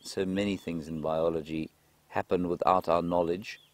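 A man giving live safari commentary outdoors in the bush, chatting through viewer questions and dropping to a hushed, excited voice when animals appear. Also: low-pitched, moderate pace, no echo. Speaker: safari guide presenter. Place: outdoors in a game vehicle in the bush.

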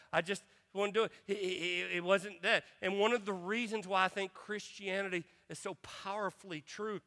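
A man's voice: high-pitched, sharp tone. A middle-aged male pastor preaching a sermon, emphatic and calling on the congregation to answer back. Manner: emphatic, asks the congregation to respond. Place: church sanctuary. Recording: long church reverb.

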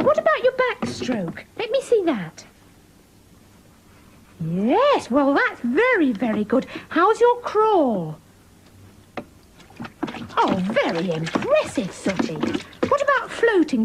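A woman voicing a cheerful, excitable female panda puppet on a children's TV show, with a squeaky, gushing voice that fusses over her friends. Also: noisy background, heavily acted. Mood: fond.

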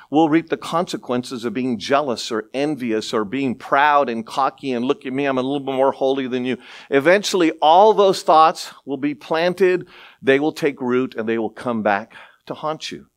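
A middle-aged male pastor preaching a sermon, conversational, with asides and rhetorical questions, swinging from low murmurs to excited raised passages.

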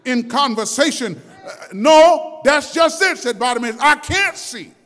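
A male pastor preaching a sermon, telling a story dramatically and shouting out its cries. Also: extremely high pitch, expressive, unhurried, long reverb tail. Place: church sanctuary.

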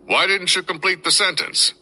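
A man voicing an indignant male army officer yelling accusations. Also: lowish voice, animated, normal speed, voice pushed up, full character voice, low-quality recording.

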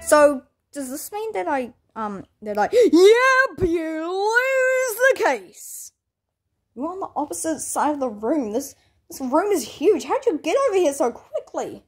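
A woman's voice: extremely high pitch, sing-song, a little slow, soft background music, full character voice. A woman voicing an annoyed plush character in a homemade comedy skit, hesitant and full of ums. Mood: confused.

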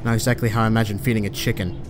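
A man playing a horror game and commenting as he goes. He swears at the characters and talks back at the game, then breaks into loud, panicked yelps. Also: lowish voice, flat delivery, very fast, heavy background noise. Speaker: let's play gamer.

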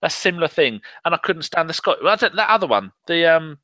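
Laid-back teasing man, bright voice. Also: on the high side, sing-song, fast, no echo. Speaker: podcast co-host. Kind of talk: casual late-night chat.

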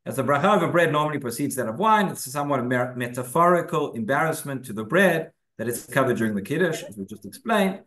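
A man's voice: mid-range voice, expressive, fast talker, few pauses, fairly bright tone. A man, a rabbi, giving a conversational class in a synagogue and reading sources aloud, with frequent fillers and restarts. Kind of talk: casual spoken Torah class. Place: synagogue room. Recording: echoey room.

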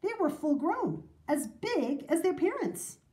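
A woman reading a children's math storybook aloud in an expressive, sing-song way. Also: very high voice, unhurried, roomy sound.

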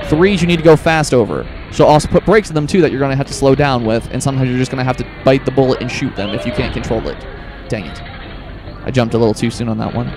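A man hosting a gaming video, talking viewers through a boss fight in a chatty, excitable way. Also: mid-range voice. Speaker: gaming channel host. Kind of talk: let's play commentary.

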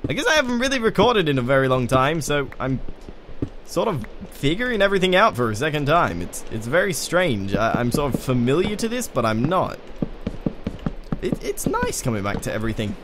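A man's voice: medium pitch, wildly swooping pitch, moderate pace, a bit bright, a little hiss or hum. Australian man in a put-on British accent. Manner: chatty, rambling, talks to game mobs. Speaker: let's play host. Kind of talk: gaming commentary. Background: keyboard typing and clicks.

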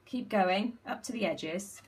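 Chatty woman, husky voice. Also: medium pitch, takes it slowly. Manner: chatty, enthusiastic, many ums. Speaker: craft tutorial host. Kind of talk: casual craft demonstration. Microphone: camera mic.

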